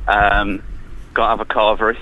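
A man guesting on a radio show as a comedian, answering in short, halting replies with frequent hesitations. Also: lowish voice, monotone, phone-quality sound, slight background noise. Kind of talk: casual chat.

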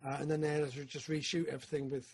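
A man co-hosting a podcast, chatting casually about films, excitable and rambling with lots of fillers. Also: on the high side, racing, husky. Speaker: podcast co-host. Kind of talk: casual film chat.

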